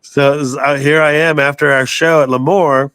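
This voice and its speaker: An older man telling a story as an interview guest, animated, swearing freely and laughing as he goes. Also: fairly high pitch, moderate pace, clear, resonant tone, dry recording. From southern United States. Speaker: guest musician.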